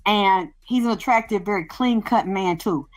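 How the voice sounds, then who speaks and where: A woman's voice: mid-range voice, normal speed. A middle-aged woman hosts a loose, uncensored monologue, swearing freely and acting out both sides of a phone call she describes. Her voice sits in an ordinary middle range, with faint music playing under it. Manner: blunt, profane, animated storytelling with quoted exchanges. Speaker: show host. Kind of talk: casual monologue.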